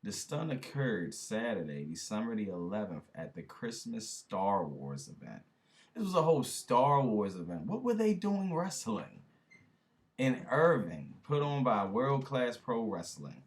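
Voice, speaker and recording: Guy reacting to a clip, kinda low voice but it jumps all over, in disbelief, talking slang to the viewers. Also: big pitch swings, a little slow. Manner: incredulous, laughing, slangy, addresses viewers. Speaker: reaction video host. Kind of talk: casual reaction commentary.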